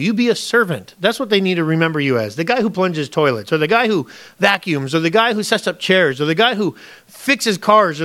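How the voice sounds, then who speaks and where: A man's voice: high-pitched, a bit bright. A man, a pastor, preaching a conversational sermon, often acting out pleading prayers to God and addressing the congregation as folks.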